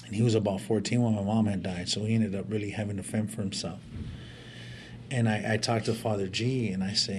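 With a slightly fast pace and fairly even intonation, a man with a low-ish voice opens up about his life in a heartfelt way. Slang-heavy and casual, his speech has stammered restarts, and a faint hiss lingers underneath.

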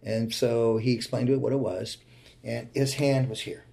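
Gravelly man telling a heartfelt story. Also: mid-range voice, fairly even intonation, moderate pace. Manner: heartfelt, earnest, often dropping to a quiet voice. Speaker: interview guest. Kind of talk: personal storytelling in conversation.

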